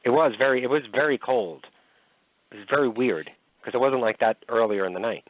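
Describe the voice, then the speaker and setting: A man's voice: mid-range voice, fairly quick, dry recording. A man co-hosting a radio talk show, explaining a recording in a plain, repetitive way with many ums. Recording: dry, phone-like line.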